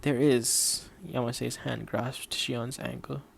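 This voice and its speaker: A man reading an audiobook in a steady, measured way, voicing the dialogue quietly. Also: mid-range voice, gravelly, slightly rough. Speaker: audiobook narrator. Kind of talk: scripted audiobook narration.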